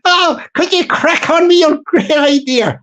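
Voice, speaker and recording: A man voicing a busy, high-up Irish council woman with a chirpy, giggly, sing-song manner and an Irish accent. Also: measured pace, fairly bright tone. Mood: impatient.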